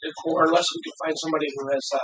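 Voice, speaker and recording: A housemate making quiet, offhand remarks from across the room at home. The voice sits at a middle pitch, low in level and away from the mic. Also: fairly even intonation, rapid-fire, crowd noise, poor audio.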